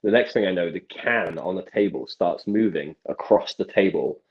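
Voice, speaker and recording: A young man, a magician telling stories from his life as a podcast guest, with animated delivery and frequent restarts. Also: low voice, normal speed. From England. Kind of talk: casual podcast storytelling. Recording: dull lo-fi sound.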